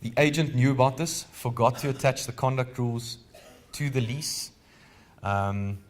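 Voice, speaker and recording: A man with a South African accent teaches a live legal training seminar. He keeps an easy, conversational tone at an ordinary mid-range pitch. He often stops to put questions to the audience. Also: normal speed.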